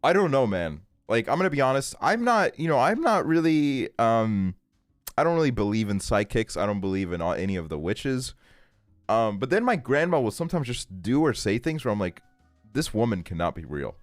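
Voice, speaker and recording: A man's voice: mid-range voice, big pitch swings, a little fast, no echo, studio quality, faint music behind. Profane ranting young streamer man. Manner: profane, ranting, laughs often. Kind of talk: casual streaming chat.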